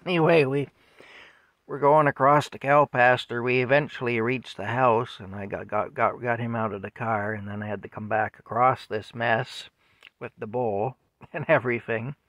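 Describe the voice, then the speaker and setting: A man's voice: medium pitch, fairly even intonation, moderate pace, a bit bright, no room sound. A man casually telling a rambling story at home, with chuckles and fillers. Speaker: vlogger telling stories.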